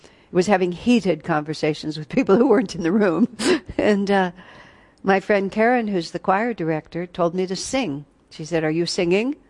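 A woman's voice: lowish voice, normal speed, a little mellow. Woman teaching a spiritual retreat class. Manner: storytelling, breaks into sung snatches and laughs.

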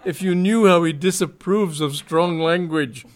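A man doing a trembling, high-strung young artist. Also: fairly even intonation, moderate pace, lightly acted. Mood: alarmed. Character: agitated young male artist, fussy and pleading.

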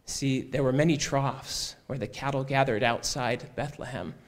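Man telling a story aloud, unhurried. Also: mid-range voice, fairly even intonation. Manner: unhurried, repeats "he said", small restarts. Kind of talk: oral storytelling.

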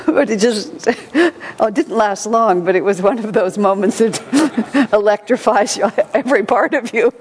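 A woman giving an informal spiritual talk to a group, telling stories warmly with frequent laughter and restarts. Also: on the low side, gravelly, slight background noise. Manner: warm storytelling, laughs often, many restarts and fillers. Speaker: spiritual teacher.

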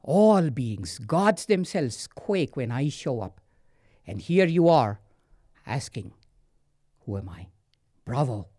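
A husky-voiced man voicing a harsh, imperious male god of death in a told story. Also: medium pitch, sing-song, slow, long pauses, mellow, no room sound, clean studio sound. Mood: mocking. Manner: imperious, mocking.

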